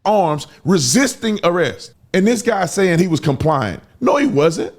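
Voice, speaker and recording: High-voiced man narrating a clip. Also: sing-song, measured pace. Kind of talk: commentary on a clip.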